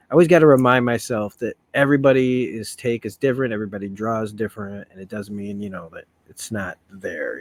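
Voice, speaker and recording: A man's voice: mid-range voice, no room sound. A man giving casual commentary on a comic book, rambling and correcting himself as he goes. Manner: rambling, self-correcting, laughs often.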